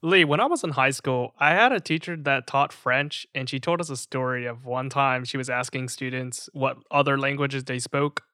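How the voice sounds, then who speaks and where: A man's voice: mid-range voice, moderate pace, few pauses, sharp tone, dry recording, studio quality. A man co-hosting a podcast, telling jokey stories in casual chat. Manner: jokey storyteller, acts out voices in anecdotes. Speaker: podcast co-host.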